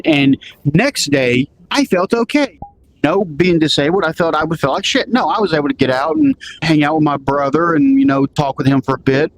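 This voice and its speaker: A man's voice: a little high, slight background noise, low-quality recording. A man telling a story casually, acting out what each person said with lots of "he goes" and "I'm like". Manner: acts out quoted dialogue, lots of "I'm like" and "he goes".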